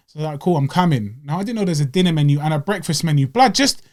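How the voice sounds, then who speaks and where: A young man, telling stories in an animated, slangy way as a podcast co-host. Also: fairly high pitch, racing, hardly any pauses. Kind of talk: casual chat.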